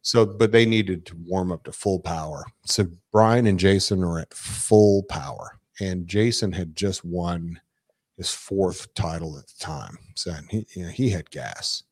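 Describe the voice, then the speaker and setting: A man with a fairly low voice tells a loose, rambling story in casual conversation. He swears freely and keeps circling back with fillers and restarts. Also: normal speed, darkish tone. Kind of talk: casual chat.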